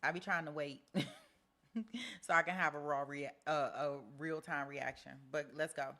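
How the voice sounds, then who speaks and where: A woman's voice: sits low, a little slow, a bit bright. A woman hosting a true-crime commentary show, talking casually with lots of restarts. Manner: casual, chatty, many restarts. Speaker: host.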